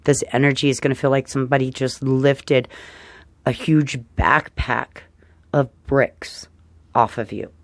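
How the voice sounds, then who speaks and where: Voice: mid-range voice, steady tone, measured pace, no room sound. An astrologer giving a casual forecast to viewers, chatty and upbeat, often tagging on "right?" and calling listeners dear friends.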